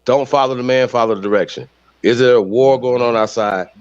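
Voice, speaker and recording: A man's voice: medium pitch, brisk, clear, resonant tone, no room sound. A man hosting a podcast, delivering heated, profane, confrontational commentary. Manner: ranting, blunt, confrontational. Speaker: podcast host. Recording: dull lo-fi sound, dry.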